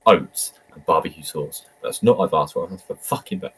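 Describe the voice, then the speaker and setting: A man's voice: very deep voice, fairly quick, slightly rough. A man co-hosting a casual podcast, ranting emphatically and swearing about food. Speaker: podcast co-host.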